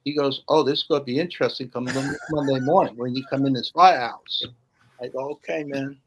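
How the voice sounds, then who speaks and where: A man's voice: medium pitch, fairly even intonation, fast, slightly rough. A man telling a firehouse story in casual podcast chat, acting out the voices of the people he quotes. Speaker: podcast guest, firefighter.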